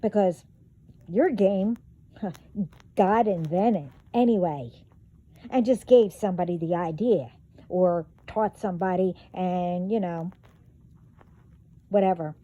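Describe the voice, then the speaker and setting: A woman's voice: on the low side, slow pace, long pauses, dark tone, lo-fi sound. A woman vlogger delivering a profane, confrontational rant straight to her viewers. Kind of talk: angry rant to camera.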